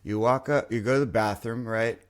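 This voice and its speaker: A man's voice: medium pitch, fairly even intonation, a little fast, clean tone. A man co-hosting a podcast in casual chat, laid-back and riffing jokingly. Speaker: podcast co-host.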